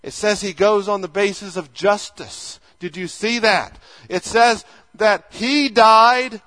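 A man's voice: high-pitched, slow pace, bright, forceful tone. A male pastor preaching a conversational sermon, acting out imagined dialogues as he goes.

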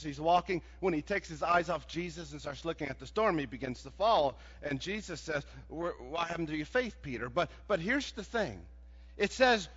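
A man preaching a sermon in a folksy, animated way, building to shouts. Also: high voice. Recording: dull sound with long hall reverb.

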